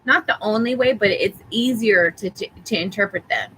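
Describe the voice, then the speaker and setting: Woman, tarot reader, reassuring affirmations, rambling, bright tone. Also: mid-range voice, moderate pace, slight background noise, poor audio. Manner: rambling, with fillers and restarts. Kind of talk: live tarot reading for a viewer.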